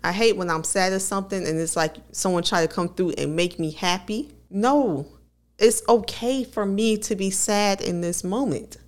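On a casual conversational podcast, a female co-host talks frankly and laughs often about her own experiences. She has a mid-range voice and a moderate pace.

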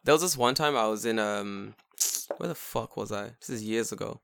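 Gravelly young man. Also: fairly low pitch, a little fast, a bit bright. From London. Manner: blunt, swears freely. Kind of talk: casual chat.

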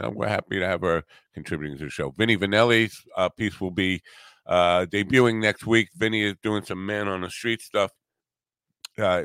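A middle-aged man hosting a talk radio show, chatting casually and rambling, halting often with fillers and self-deprecating asides. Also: deep voice, fairly bright tone, smooth, no room sound, studio quality.

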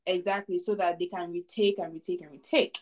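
A woman's voice: lowish voice, steady tone, brisk, a crowd in the background. Woman podcast co-host, emphatic and repetitive, casual movie review chat. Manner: emphatic, repeats herself for effect.

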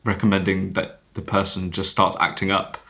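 A man's voice: deep voice, level tone, normal speed, vocal fry, bright, forceful tone. A young man co-hosting a podcast in casual chat, reasoning aloud and laughing easily. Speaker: podcast co-host.

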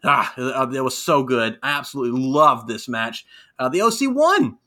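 A man in his thirties co-hosting a casual wrestling chat, animated and rambling with fillers. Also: medium pitch, moderate pace. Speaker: podcast co-host.

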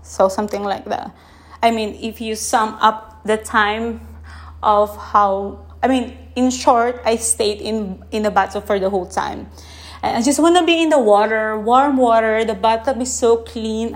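This is a woman talking in a casual, reflective monologue, her voice sitting somewhat high. She speaks slowly and softly, lingering on her feelings. is a for her. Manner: slow, soft, emotional, with pauses and laughs.

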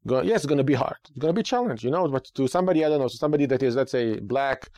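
A man who is a rabbi and a radio podcast host, giving lively talk-show commentary with rhetorical questions and repeated phrases for emphasis. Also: mid-range voice, rapid-fire, no room sound, studio quality.

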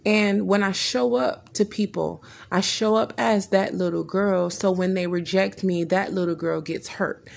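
A woman's voice: medium pitch, steady tone, a little slow, gravelly, hardly any pauses. A woman earnestly telling a personal story, retelling conversations in her own words with frequent restarts.

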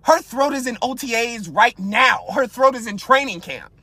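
A young man hosting a podcast, ranting in a crude, animated, comedic way and asking his listeners one rhetorical question after another. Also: very high-pitched, moderate pace, no echo. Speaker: podcast host. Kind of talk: casual comedic rant. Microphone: podcast mic.

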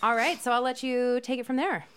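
A woman's voice: fairly high pitch, brisk, fairly bright tone, clear, resonant tone, no room sound. A woman hosting an upbeat podcast interview, enthusiastic and chatty. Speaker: podcast host.

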